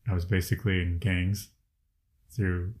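A man in his thirties from the Chicago area, telling personal stories in a casual group conversation, cursing often and getting louder as he gets angry. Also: deep voice, level tone, measured pace. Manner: profane, heated storytelling, voice rising when angry. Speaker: guest sharing personal stories.

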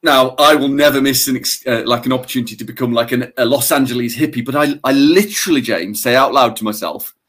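A man's voice: medium pitch, fast talker, few pauses, fairly bright tone. Male co-host, mid-range voice, chatty with dry self-mocking humour. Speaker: podcast co-host. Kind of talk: casual advice podcast chat.

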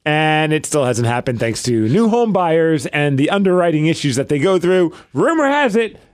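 A man in his thirties telling a story on a podcast, his voice a bit high and swinging widely up and down as he acts out what everyone said. The sound is dry and close, with no room around it. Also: moderate pace, no room sound. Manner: animated storytelling, acts out quotes. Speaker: podcast co-host. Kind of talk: casual chat.

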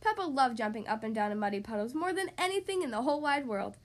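A woman hosting a podcast, reading a children's story aloud in a cheerful, expressive way. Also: a little high, fast talker.

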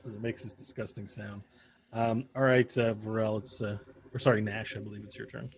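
A man's voice: on the low side, level tone, normal speed. A man running a tabletop role-playing game as dungeon master, narrating scenes with vivid sound effects and frequent restarts.

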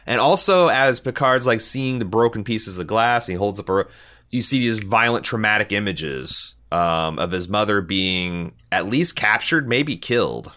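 Man, podcast co-host, bright forceful voice, fairly low pitch, casual, swears a lot. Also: normal speed. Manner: animated, profane, acts out quotes.

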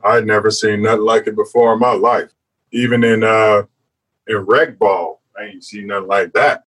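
A former basketball player in an interview, speaking in a casual, informal way. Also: male voice, on the low side, fairly even intonation, moderate pace, a bit bright, faint music behind, rough recording. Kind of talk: interview recollection.

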